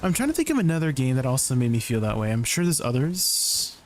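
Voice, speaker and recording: A man streaming live, chatting casually to his viewers in a rambling, excitable way, full of restarts and filler words. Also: mid-range voice, fast talker, background noise.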